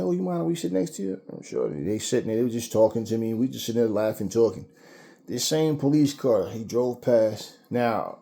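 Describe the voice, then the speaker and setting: A man's voice: medium pitch, warm tone. A man giving a blunt, profane, angry rant to the camera, repeating words when heated. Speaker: commentator.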